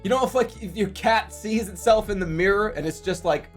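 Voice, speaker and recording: A man's voice: high-pitched, a little fast, soft background music. A man in his forties chatting casually on a live stream, joking and often laughing. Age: 40s. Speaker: livestreamer.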